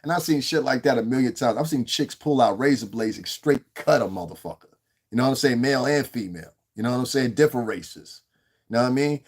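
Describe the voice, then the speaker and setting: A man's voice: medium pitch, quick pace. Cursing, rambling New man. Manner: profane, rambling, animated. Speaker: livestream host. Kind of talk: livestream commentary.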